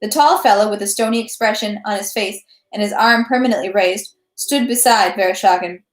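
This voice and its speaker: A woman's voice: medium pitch, a little fast. Woman narrating a novel in a roomy echo. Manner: steady narration with small self-corrections. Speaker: reader. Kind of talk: reading a classic novel aloud. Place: home.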